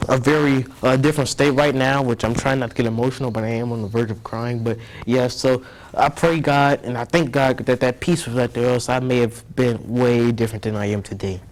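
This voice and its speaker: A young man telling a story as an interview guest, rambling and earnest, often repeating himself. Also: medium pitch.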